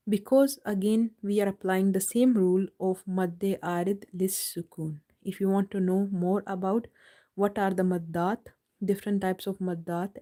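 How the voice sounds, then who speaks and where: A woman teaching Quran recitation in a live online lesson, patiently repeating each word slowly for her students. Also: mid-range voice, mellow. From United Kingdom.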